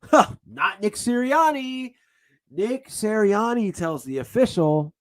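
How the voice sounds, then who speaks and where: A man ranting angrily as a football fan, swearing and bursting into shouts between sarcastic retellings. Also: high-pitched, big pitch swings, slow. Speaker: sports vlogger. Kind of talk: angry fan rant.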